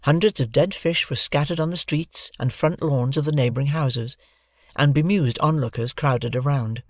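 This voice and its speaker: An audiobook narrator reading a children's adventure novel in a lively, expressive manner, close to the microphone. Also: mid-range voice, moderate pace, dry recording.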